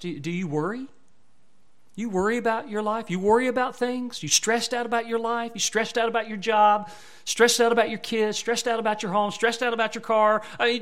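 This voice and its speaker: A man's voice: high voice, fairly bright tone. A male pastor preaching a sermon with emphatic rises and falls, asking the congregation repeated questions.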